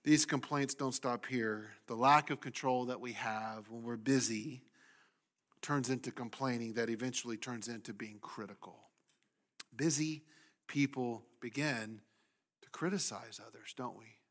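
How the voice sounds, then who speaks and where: Preaching in a mid-range, unhurried voice, this man speaks as a pastor with lively emphasis. At times he takes on the grumbling voices of the story's characters.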